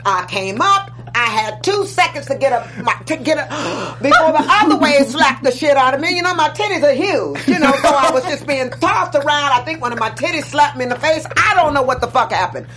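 A woman guest telling stories in conversation, profane and animated, dropping to low murmurs and rising to loud exclaims. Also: brisk, few pauses. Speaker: interview guest. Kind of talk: storytelling in conversation.

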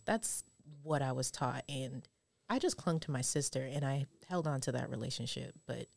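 A woman's voice: a bass voice, moderate pace, creaky, darkish tone, no room sound. A woman from Compton telling candid personal stories in a casual podcast chat. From Compton, California. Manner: candid, storytelling with acted-out quotes.

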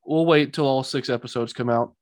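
A man's voice: medium pitch, brisk, no echo. Opinionated man with a dry close sound. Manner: opinionated, rambling, mocking. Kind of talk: casual chat.

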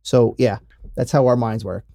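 A man's voice: medium pitch, steady tone, normal speed, mellow, no echo, clean studio sound. A man co-hosting a wrestling podcast, chatting casually in a rambling, profane way and laughing easily. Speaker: podcast co-host. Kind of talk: casual chat.

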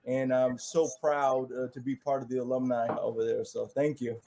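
A man on an actors' panel, speaking modestly and haltingly. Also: mid-range voice, level tone, gravelly, mellow, a little hiss or hum.

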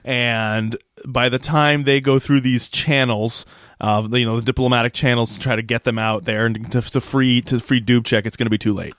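A man's voice: medium pitch, steady tone, moderate pace, fairly bright tone, no echo. A man co-hosting a casual podcast, rambling through an episode recap, laughing often and restarting his sentences. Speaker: podcast co-host.

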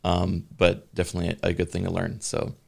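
A man with a deep, gravelly voice chats on a podcast in a flat, even tone. He speaks haltingly and leans on "like" and "you know". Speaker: podcast co-host. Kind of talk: casual chat.

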